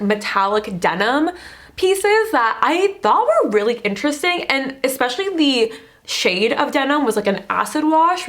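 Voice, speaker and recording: Chatty, excitable young woman vlogger. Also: mid-range voice. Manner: chatty and excitable, full of "like" fillers. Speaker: fashion vlogger. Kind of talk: casual fashion commentary.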